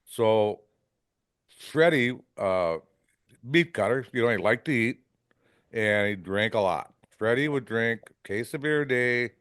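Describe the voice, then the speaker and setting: A man's voice: mid-range voice, lively intonation, measured pace, fairly bright tone, smooth, dry recording, clean studio sound. A man from Wisconsin, a fishing guide, telling rambling stories on a podcast, often ending lines with "right?" and acting out salty quotes. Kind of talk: casual storytelling. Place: podcast studio.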